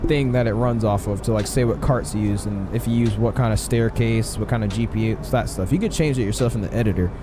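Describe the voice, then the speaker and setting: A man's voice: lowish voice, fast, few pauses, background noise. A man live-streaming a flight simulator, chatting casually, answering his chat with lots of fillers.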